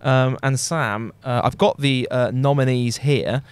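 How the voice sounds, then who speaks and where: A man's voice: mid-range voice, steady tone, a little slow, clear, resonant tone, no echo. A man hosting a sports podcast, chatting casually with fillers and easy laughter. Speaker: podcast host.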